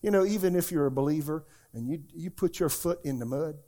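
Animated preacher man with higher pitch. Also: fairly quick. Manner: animated, swinging from loud exclamations to hushed, near-whispered asides. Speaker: pastor. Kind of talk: sermon. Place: church sanctuary with a live congregation.

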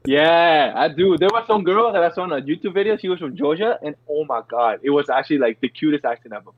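A young man co-hosting a podcast, rambling and excitable, packing his talk with "like". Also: a little high, fast, no room sound. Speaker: podcast co-host. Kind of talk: casual podcast chat. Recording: dull lo-fi mic with faint noise.

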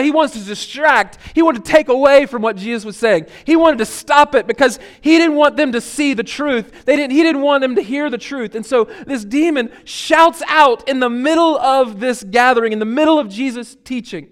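A man preaching a sermon as pastor, earnest and emphatic, building to loud peaks and then dropping to quiet reflection. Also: extremely high pitch, normal speed, hardly any pauses.

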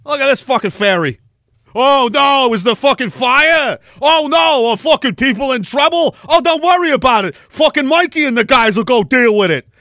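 A man voicing a brash, crude male firefighter who loudly jeers and swears. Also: very high voice, animated, normal speed, no room sound, studio quality, pitched above the performer's own voice, exaggerated voice. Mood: jeering. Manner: loud, jeering, profane.

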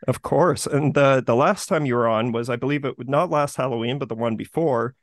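A man's voice: medium pitch, brisk, no echo. Dry-sounding podcast host man. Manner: relaxed, rambling, many fillers. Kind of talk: casual chat.

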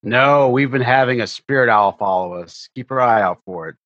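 A man's voice: mid-range voice, moderate pace, no room sound. A man playing a tabletop game, chatty and joking in casual talk. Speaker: player. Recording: dull dry lo-fi sound.

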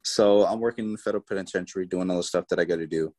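A man guest in an interview, telling his own story in an animated way and voicing the people in it. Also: low voice, rapid-fire, low-quality recording.

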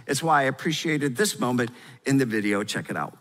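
A man preaching a sermon, emphatic and building to loud, fervent exhortation. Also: mid-range voice, lively intonation, brisk. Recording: long reverb of a large hall.

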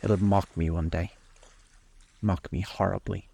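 A man voicing an anguished, vain young man in a storybook reading, his voice pitched up and pleading. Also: steady tone, measured pace, gravelly, dark tone, slightly rough, exaggerated voice. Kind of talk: audiobook character voice.

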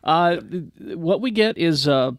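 Gravelly man presenting film news casually. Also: on the high side, lively intonation. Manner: halting, many fillers. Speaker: podcast host.

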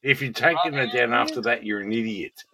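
A man's voice: mid-range voice, fairly quick, vocal fry, crowd noise. An Australian man calling in to a talk show, blunt and joking, swearing and then correcting himself. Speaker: caller. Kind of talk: casual chat.

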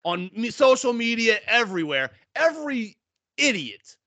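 A man co-hosting a podcast, chatting casually and profanely about football with animated storytelling. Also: very high voice, normal speed, no echo. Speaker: podcast co-host. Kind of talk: casual sports chat.

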